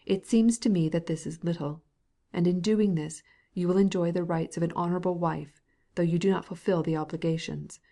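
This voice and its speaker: A woman's voice: lowish voice, steady tone, brisk, vocal fry, mellow. A woman voicing a cold, formal, resentful middle-aged husband in an audiobook, speaking in a clipped, cold way.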